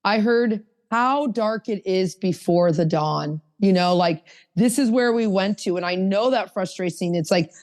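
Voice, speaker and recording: A woman's voice: medium pitch, measured pace, a little mellow. A middle-aged woman hosting a podcast, frank and chatty, speaking in loose fragments. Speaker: podcast host. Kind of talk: casual conversation.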